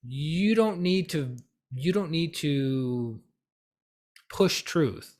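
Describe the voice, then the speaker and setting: A man's voice: a little high, takes it slowly, long pauses. A man giving a casual spiritual teaching talk, conversational and full of tag questions, now and then acting out heated voices. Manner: animated, acts out heated voices mid-talk.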